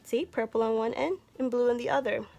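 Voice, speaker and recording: Woman art teacher for kids, gentle and encouraging, fairly high voice, faint music behind. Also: brisk, gravelly. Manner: gentle, encouraging, talks to viewers directly. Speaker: art instructor. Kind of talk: children's art lesson.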